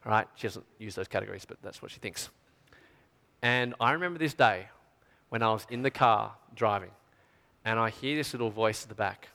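Aussie guy preaching, chatty and animated, keeps saying right?, sounds bright in an echoey hall. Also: medium pitch, moderate pace. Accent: Australian. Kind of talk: storytelling sermon to a youth event. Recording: long hall reverb.

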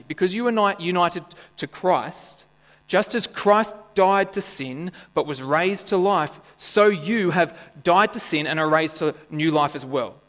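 A man's high, slightly bright voice carries a sermon to his congregation. As pastor, he stays conversational and playful, often posing questions and slipping in jokes. Expect long reverb and mains hum from the church hall.

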